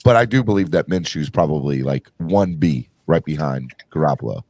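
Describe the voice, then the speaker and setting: A man's voice: very deep voice, expressive, moderate pace, darkish tone, dry recording. A man hosting a casual sports podcast, talking emphatically and often restarting his sentences. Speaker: podcast host.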